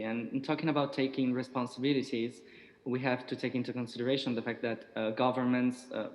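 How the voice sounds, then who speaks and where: Flat-voiced man in an academic panel. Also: mid-range voice. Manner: measured, with fillers. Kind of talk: academic discussion. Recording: long reverb.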